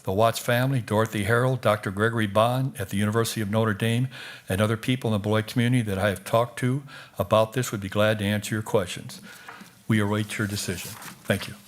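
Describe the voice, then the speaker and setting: A man's voice: fairly low pitch, steady tone, brisk. A man from Wisconsin reading a prepared, formal statement during public comment at a school board meeting. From Wisconsin, USA.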